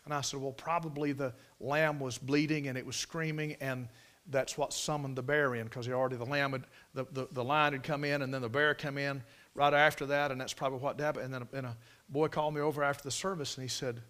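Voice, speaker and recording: A man preaching a sermon in a folksy storytelling way, swinging from loud emphasis to hushed near-whispers. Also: mid-range voice, fairly even intonation, quick pace.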